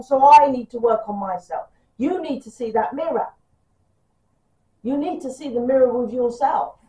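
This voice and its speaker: Chatty British woman reading tarot: fast, blunt, a little hoarse from a sore throat, recorded in an echoey room at a distance. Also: a little high, warm tone. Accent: British English. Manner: fast, chatty, swears freely. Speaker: tarot reader.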